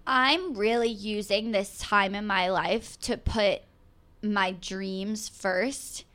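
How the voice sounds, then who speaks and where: A young woman in her twenties speaks as a guest on a casual podcast. Her voice is smooth and resonant, and she gushes with excitement, filling her talk with "like" and quick asides. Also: mid-range voice. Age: 20s. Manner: gushing, excited, heavy use of "like". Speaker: podcast guest, show host. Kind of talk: casual interview chat.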